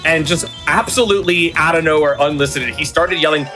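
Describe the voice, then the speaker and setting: A man's voice: a little high, brisk. A man speedrunning live, telling rambling stories and explaining the game as he plays. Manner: rambling storyteller, many fillers. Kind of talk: casual live commentary while playing. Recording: game music behind the voice.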